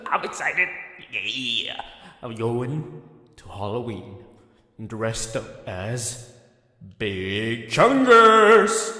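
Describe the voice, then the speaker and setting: A man voicing a goofy, giggly anime boy. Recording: roomy with a long reverb tail.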